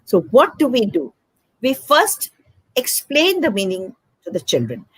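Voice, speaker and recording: A woman talks like a teacher, spelling out examples one by one. Her voice is fairly high and slightly husky, with a lively melody. The sound is dry and close. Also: measured pace, no echo, rough recording. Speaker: educator. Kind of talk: explaining in an interview.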